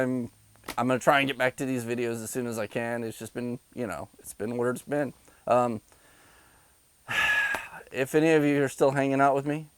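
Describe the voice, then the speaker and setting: A man's voice: mid-range voice, no echo, rough recording. A man delivering an angry, sarcastic rant to his viewers, insulting them between bitter laughs. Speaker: vlogger. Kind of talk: angry ranting monologue.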